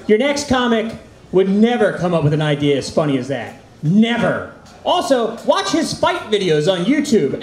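A man emceeing an open mic, his voice high and bouncing all over as he teases the crowd. He jokes between acts in a room with a clear echo. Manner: joking, teasing the crowd. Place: small open mic venue. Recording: echoey room.

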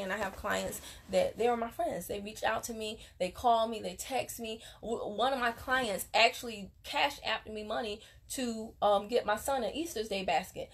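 A woman network marketing coach giving an emphatic, preachy motivational talk while unboxing on a casual vlog, recorded on a phone at home. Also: medium pitch. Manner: emphatic, preachy, motivational, addresses viewers as y'all. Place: room at home.

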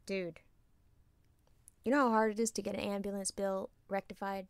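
A woman's voice: mid-range voice, moderate pace, creaky, clean tone, no echo. A woman co-hosting a podcast, telling stories in casual chat, swearing freely and acting out quotes. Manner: profane, animated storytelling with acted-out quotes. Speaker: podcast co-host.

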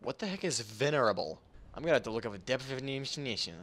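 A man giving casual, goofy gameplay commentary, laughing often and breaking into sudden excited outbursts. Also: mid-range voice, fast. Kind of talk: casual let's-play commentary.

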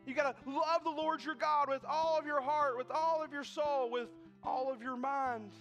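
A man preaching a sermon in a church, animated and full of repeated restarts, sometimes acting out the voices in his stories. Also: very high voice, moderate pace, muffled recording, soft background music. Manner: animated, repetitive restarts, acts out quoted voices. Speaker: pastor. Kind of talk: sermon with storytelling. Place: church sanctuary.

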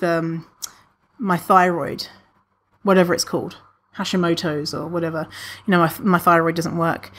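A woman hosting a podcast, talking candidly and casually to listeners, with many fillers and lively retellings. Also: lowish voice. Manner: candid, chatty, frequent fillers, animated when retelling. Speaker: podcast host answering listener questions.

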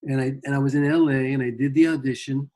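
A man's voice: medium pitch, steady tone, quick pace, a little mellow. A man guest on an interview, telling rambling anecdotes about his music career and acting out quotes. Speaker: guest guitarist. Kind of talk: casual storytelling interview.

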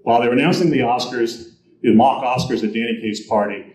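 A man's voice: mid-range voice, fast talker. A man giving an anecdotal presentation at a convention, acting out the quotes in his stories. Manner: animated storyteller, acts out quotes. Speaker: guest speaker. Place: convention hall. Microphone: handheld recorder in audience. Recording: roomy hall audience recording.

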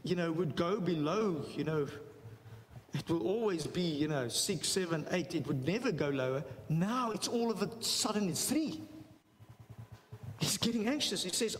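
A man's voice: high voice, animated, moderate pace. A man giving a church health talk, telling a story animatedly, repeating phrases for emphasis and acting out the dialogue. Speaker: health seminar speaker. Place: church hall. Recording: long hall reverb, faint noise.

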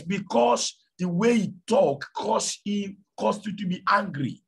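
A man's voice: sits high, unhurried, vocal fry, few pauses, slightly rough. A man with a Nigerian accent preaching a sermon, telling stories and acting out conversations. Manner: storytelling, animated, acts out dialogue. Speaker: pastor.

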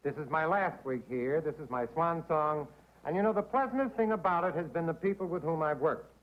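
A man's voice: on the high side, expressive, a little fast. A man hosting a comedy quiz show, joking and chatting with contestants. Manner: wisecracking, chatty. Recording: tinny old broadcast audio, faint hiss.

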